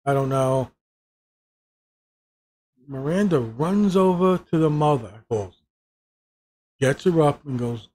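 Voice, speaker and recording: A man's voice: mid-range voice, animated, unhurried, long pauses, a little mellow. A man giving a profane, exasperated review of a TV season, swearing constantly and mocking the characters' lines. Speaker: show reviewer.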